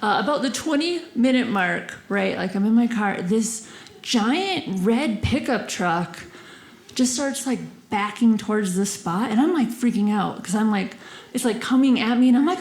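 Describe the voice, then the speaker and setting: A woman's voice: high-pitched, lively intonation, normal speed. A young woman telling a stand-up story on stage, giggling through her lines and acting out voices. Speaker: stand-up comedian. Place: comedy stage before a live audience. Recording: roomy stage sound, audience noise.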